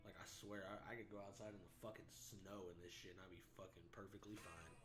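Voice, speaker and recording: Rambling, profane stoned stream host. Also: male voice, low voice, steady tone, quick pace, music in the background. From United States. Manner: rambling, profane, laid-back, frequent throat clearing. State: high on cannabis. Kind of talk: casual live-stream chat. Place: at home.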